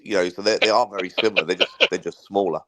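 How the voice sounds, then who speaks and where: A man's voice: sits low, fairly even intonation, fast talker, a bit bright. A man chatting casually as a livestream guest, explaining things at some length.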